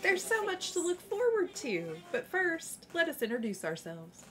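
A woman voicing a cheery young raccoon shopkeeper boy in a high, chirpy sales-pitch voice. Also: huge pitch swings, moderate pace, faint music behind, exaggerated voice.

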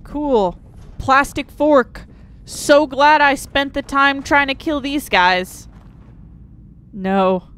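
A young woman giving gameplay commentary at a desk microphone, swearing constantly and breaking into angry shouted outbursts. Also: high-pitched, extremely slow, pauses often, faint music behind. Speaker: let's play host.

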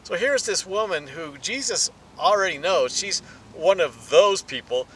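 Male pastor, bright high voice, animated sermon delivery, faint traffic hum behind. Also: a little slow, low-quality recording. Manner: animated, rises in pitch and volume for emphasis. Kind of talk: sermon teaching.

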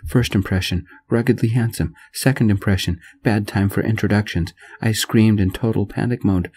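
A man telling a story in a gentle, soft-spoken reading voice. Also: fairly low pitch, fairly even intonation, moderate pace, hardly any pauses.

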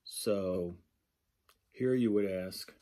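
Man, lecturer, very slow delivery, mellow dark tone, repeats examples while reading through a workbook. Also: sits low. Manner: slow, thinking aloud, repeats example glosses. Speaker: sign language instructor. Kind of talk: lecture walking through a textbook.

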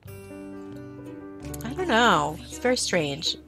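Extremely slow, with a bright, forceful mid-range voice and big pitch swings, a woman comments on a game she's streaming live. She gushes and chats with her characters over background game music.

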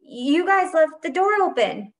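A woman's voice: high voice, very animated, measured pace, voice pushed up. A woman voicing a whiny, sneaky boy who sputters and whines when caught. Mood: flustered. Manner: whining, sputtering.

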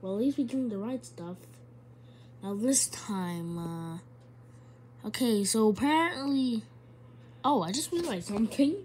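A woman's voice: on the high side, expressive, slow pace, long pauses, darkish tone, slight background noise. A woman giving casual, chatty let's-play commentary, giggling and talking back to a game character. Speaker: gamer.

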